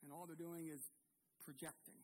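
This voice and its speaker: A man, a pastor, preaching an earnest sermon with emphatic pauses and repeated words. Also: fairly high pitch, level tone, darkish tone, a little hiss or hum, rough recording.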